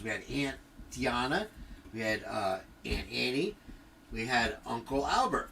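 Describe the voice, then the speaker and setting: Bright-voiced, profane middle-aged male streamer. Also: mid-range voice, normal speed, vocal fry, slight background noise. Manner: profane, tangent-prone, animated retelling. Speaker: livestream host. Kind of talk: rambling storytelling on a livestream.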